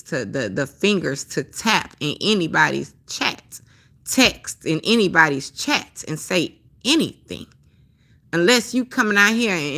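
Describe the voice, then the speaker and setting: A woman's voice: on the low side, vocal fry, sharp tone. A woman hosting a livestream, speaking in a blunt, profane, heated rant and repeating her points. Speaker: livestream host. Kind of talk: casual ranting livestream commentary.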